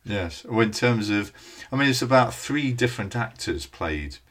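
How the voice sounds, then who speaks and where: A man's voice: lowish voice, expressive, normal speed, a bit bright. A man co-hosting a podcast, chatting casually in a knowledgeable, matter-of-fact way. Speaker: podcast co-host. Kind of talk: casual chat about old television.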